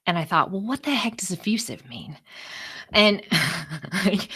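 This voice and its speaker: A woman speaker telling a personal story to a group in an expressive, animated way. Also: lowish voice, measured pace. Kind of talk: storytelling talk to a live group.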